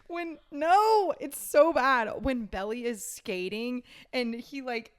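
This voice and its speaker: A young woman in her twenties co-hosts a casual podcast, talking in an animated, blunt way and swearing freely. Her voice sits a little high. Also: takes it slowly, clear, resonant tone. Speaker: podcast co-host. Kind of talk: casual chat.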